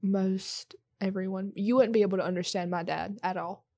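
A woman's voice: mid-range voice, fairly even intonation, moderate pace, dark tone. A woman in her early twenties with a South Carolina accent, co-hosting a podcast in easygoing casual chat. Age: early 20s. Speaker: podcast co-host.

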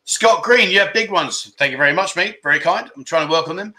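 Jokey chat-show host with a high, piercing voice, reading viewer comments aloud. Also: male voice, a little fast. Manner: jokey and teasing, with animated outbursts.

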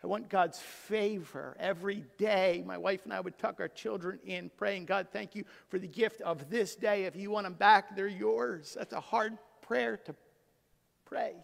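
A middle-aged man, a pastor, preaching a sermon with emphasis, swinging from loud to hushed. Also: high voice, measured pace, vocal fry. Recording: long hall reverb.

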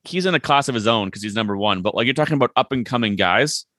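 A man's voice: medium pitch, lively intonation, fast, pushed and bright, dry recording, studio quality. A man in casual chat, joking and steering the conversation.

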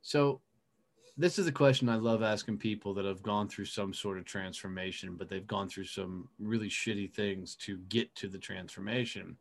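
A man's voice: fairly low pitch, normal speed, creaky. Profane, rambling podcast host, male. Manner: loose, swears freely, rambling with fillers. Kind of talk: casual interview chat.

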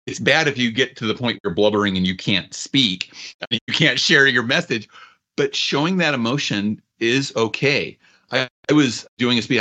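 Male podcast guest, lowish pitch, crisp forceful tone, anecdotal storyteller. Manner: anecdotal, retells dialogue. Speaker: author and guest. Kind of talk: storytelling in conversation.

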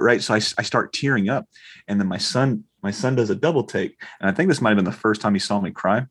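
Casual male podcaster, 30s, husky and low, animated storyteller who acts out every line of dialogue. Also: quick pace. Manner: animated storyteller, acts out quoted dialogue with big pitch jumps, swears freely. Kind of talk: casual chat.

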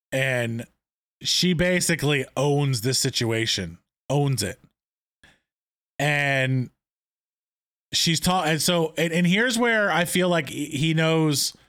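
Male co-host, higher register, eager scene-by-scene recapper, loose and filler-heavy. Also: a bit bright, no echo, studio quality. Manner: enthusiastic, retells scenes with quoted lines, many fillers. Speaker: podcast co-host. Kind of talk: casual TV recap chat.

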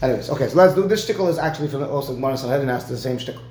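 A man's voice: mid-range voice, lively intonation, very fast, roomy sound, background noise. A man giving a one-on-one Talmud lesson, explaining step by step and often checking in with "right?". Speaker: Talmud teacher.

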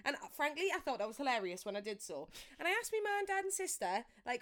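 A chatty young woman, her voice sitting a little high. She co-hosts a podcast, joking and laughing her way through casual stories. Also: very animated, fast, few pauses, fairly bright tone. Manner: chatty, jokey, laughs often. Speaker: podcast co-host. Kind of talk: casual chat.

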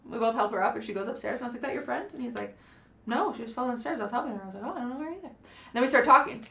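Animated young woman telling a story, roomy echo. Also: on the high side, very fast, vocal fry, a little hiss or hum. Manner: animated storyteller, acts out quoted lines. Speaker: podcast co-host. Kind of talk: casual storytelling chat. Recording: roomy, echoey sound.

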